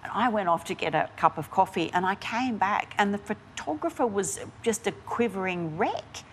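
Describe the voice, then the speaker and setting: A woman's voice: mid-range voice, normal speed, a little hiss or hum. A woman, a journalist answering interview questions frankly and animatedly. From Australia. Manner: frank and animated, with frequent restarts and fillers. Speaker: investigative journalist, guest. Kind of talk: candid conversational interview answers.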